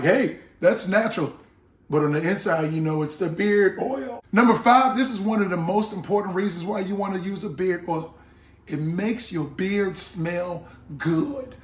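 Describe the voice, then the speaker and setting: A man's voice: sits high, roomy sound. A man in a casual, jokey vlog to camera, talking up his own beard oil and acting out little scenes. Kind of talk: casual product talk to camera.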